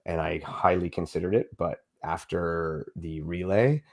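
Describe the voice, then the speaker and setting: Gravelly low male co-host, opinionated and plainspoken. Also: unhurried, darkish tone. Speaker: podcast co-host. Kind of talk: casual podcast chat.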